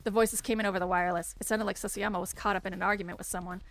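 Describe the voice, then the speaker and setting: A woman reading game narration aloud in an even storytelling manner. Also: medium pitch, rapid-fire, soft background music. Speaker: let's-play narrator.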